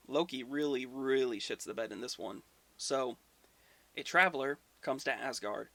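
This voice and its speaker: A man's voice: medium pitch, gravelly, pushed and bright, dry recording. A man hosting a history video, retelling myths casually with irreverent, profane asides.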